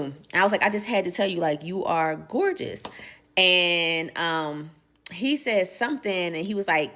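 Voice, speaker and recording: A woman's voice: fairly low pitch, fairly bright tone. A woman in her forties animatedly telling a personal story, emphatic and acting out the dialogue. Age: 40s. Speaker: social media poster. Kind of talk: casual storytelling clip.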